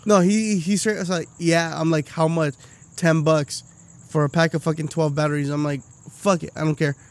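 A man with a high voice chats on a podcast, profane and lively. He tells his stories with plenty of laughter and swearing, loose and unfiltered. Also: moderate pace. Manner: profane, animated storytelling with lots of laughing. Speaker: podcast co-host. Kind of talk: casual chat.

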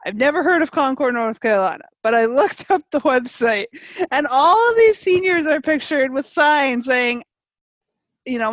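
On a podcast, a Canadian woman chats casually in a high-pitched, animated voice at normal speed, with no echo. She's giggly, laughs a lot, and says "like" constantly.

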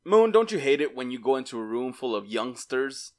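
Fast-talking young podcast co-host. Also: mid-range voice, big pitch swings. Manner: rapid, rambling storytelling with filler words. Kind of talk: casual chat.

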